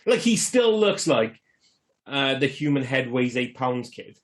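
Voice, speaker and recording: A man's voice: medium pitch, very animated, measured pace. A man co-hosting a film podcast, telling anecdotes and wandering off on tangents. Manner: anecdotal, goes off on tangents, laughs between remarks. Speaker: podcast co-host. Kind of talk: casual film chat.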